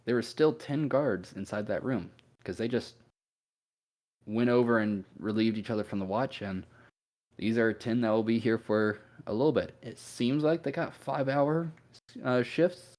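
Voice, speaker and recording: A man as game master, setting scenes in a steady, matter-of-fact way. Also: medium pitch, moderate pace. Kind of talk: narrating a tabletop game.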